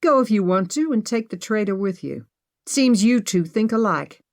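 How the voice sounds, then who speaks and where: A woman acting out a shouting young heroine. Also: mid-range voice, lively intonation, moderate pace, voice pushed up, close to an everyday voice. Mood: furious. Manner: shouting, indignant. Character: angry young woman, stubborn treasure hunter.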